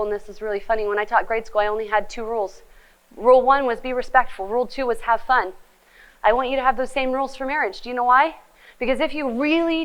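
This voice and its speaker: Middle-aged female life coach, fairly high voice, playful and direct, acts out the quoted lines. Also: poor audio. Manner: lively, joking, acts out quoted partners. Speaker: relationship speaker and life coach. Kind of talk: motivational talk.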